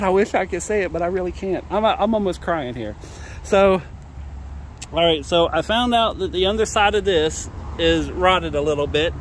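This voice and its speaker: Outdoors by a trailer, a man records a casual, rambling vlog about used gear he plans to sell, giggling until he tears up and apologizing as he keeps laughing. His voice sits high and is expressive, at a normal speed, with slight background noise.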